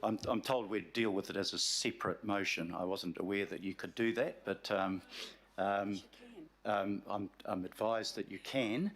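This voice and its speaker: A man with a New Zealand accent chairing a council meeting, polite and halting with many fillers. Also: lowish voice, fairly bright tone.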